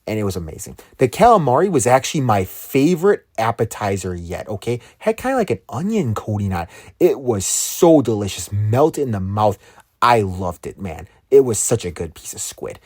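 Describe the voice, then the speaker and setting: A man in a food vlog voice-over who gushes about every dish and fills pauses with "um" and "uh". His pitch leaps up and down with excitement, and the sound is dry and close. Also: dry recording. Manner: excitable, gushing, lots of fillers. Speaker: food vlogger. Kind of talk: casual food review voice-over.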